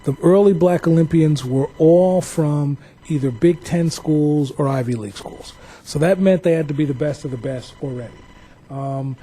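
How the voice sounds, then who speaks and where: A man's voice: on the high side, dark tone, husky, rough recording. A man from New Jersey, a museum director, giving a public talk full of anecdotal, reflective storytelling.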